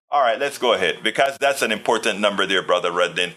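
Guy on a livestream reading out comments, bright voice, gets emphatic and repeats himself. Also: fairly low pitch, animated, fast. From Hawaii. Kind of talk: casual political commentary.

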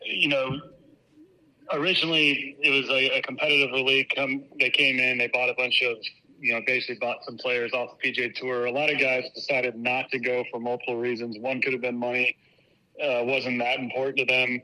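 Man, from Virginia, pro golfer guest, interview, thoughtful, very bright voice. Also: mid-range voice, fairly quick, poor audio. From Virginia, United States. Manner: relaxed, thoughtful, hesitant fillers. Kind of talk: interview answers.

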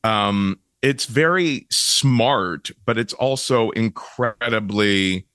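A man's voice: lowish voice, slow pace, bright, forceful tone, no room sound, clean studio sound. A middle-aged man from Ohio, a guest telling stories animatedly in a casual interview and laughing often. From Cincinnati, Ohio, USA.

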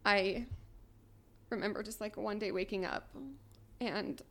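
A young woman on a podcast telling a painful personal story in a quiet, halting way, full of "like"s and sometimes near tears. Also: mid-range voice, steady tone. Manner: quiet, halting, tearful at times, many "like"s. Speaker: podcast guest.

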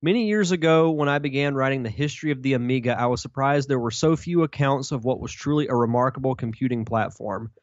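A man co-hosts a podcast in an easygoing, measured way, moving from chat into reading news. His voice sits in a middle range. The recording is dry and a little dull. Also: medium pitch, no room sound.

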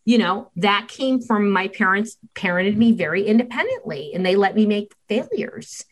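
Animated woman telling parenting stories. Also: mid-range voice, normal speed, poor audio. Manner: animated, acts out dialogue in shifting voices. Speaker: parenting expert guest. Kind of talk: casual storytelling chat.

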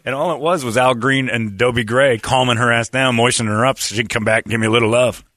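A man's voice: mid-range voice, steady tone, quick pace, a bit bright, no room sound. A man hosting a morning radio show, telling a rambling, self-deprecating story in casual chat and laughing often.

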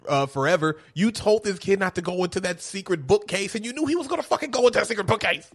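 A man co-hosting a casual film podcast, animated and profane, acting out scenes with quoted lines. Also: high-pitched, a little fast, husky. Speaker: podcast co-host. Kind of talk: casual movie discussion.

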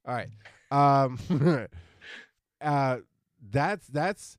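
A man's voice: medium pitch, extremely slow, no room sound, clean studio sound. A middle-aged man co-hosting a casual podcast chat, rambling and stumbling over words. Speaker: podcast co-host.

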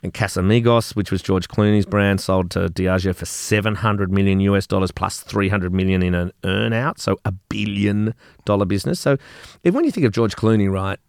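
A middle-aged Australian man talks in a rambling, storytelling way, doubling back on his words and tossing in the odd swear. His voice sits fairly low. The sound is dry and close, with no room echo. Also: brisk, creaky, clean tone. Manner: chatty storyteller, repeats words, swears casually. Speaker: gin company co-founder, guest. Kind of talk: casual interview chat.

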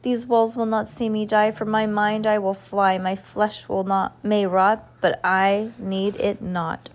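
A woman reads the part of a nervous, theatrical male jester locked in a dark cell. He rambles in rhymes and bad puns, fretting about his own sanity. The delivery is storybook read-aloud, close to her own voice. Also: medium pitch, flat delivery, unhurried, natural voice. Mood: theatrical, fretful. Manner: rhyming, pun-loving, theatrical ramble. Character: anxious, rambling male court jester prisoner.

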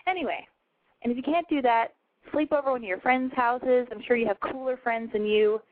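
A young woman rattles through a call-in show monologue, brash, profane and quick to mock herself. Her voice sits fairly high and comes through a narrow, phone-like line. The sound is close and dry, with no room around it. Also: dry recording. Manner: brash, profane and self-mocking. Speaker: radio show host. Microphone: home mic over a call-in line.

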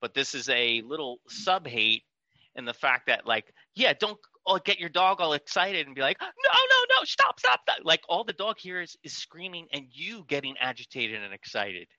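A man's voice: mid-range voice, normal speed, sharp tone, no echo, highs cut off. A man, a podcast sound engineer, ranting in casual talk and mimicking screaming people. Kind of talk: casual rant.

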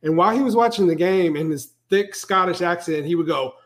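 A man's voice: sits high, fairly quick. Man telling a story on a podcast. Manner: relaxed storytelling. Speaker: podcast co-host. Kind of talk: casual chat.

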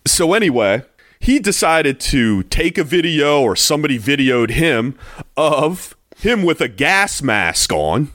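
A man with a fairly high, animated voice co-hosting a casual sports podcast. He talks bluntly and mockingly and swears freely. The sound is close and dry. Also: measured pace, dry recording. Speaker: podcast co-host.

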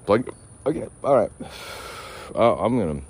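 A man's voice: lowish voice, very animated, unhurried, a little mellow, husky. A man hosting a podcast outdoors, ranting in a sardonic, profane, rambling way. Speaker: podcast host. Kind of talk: casual profane rant.

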